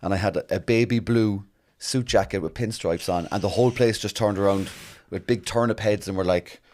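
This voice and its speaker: A man, a comedian chatting casually and telling lively stories with casual swearing. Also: on the low side, fairly quick, a little hiss or hum. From Ireland. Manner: storytelling, animated and swearing casually. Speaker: comedian and TV writer. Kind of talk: casual chat.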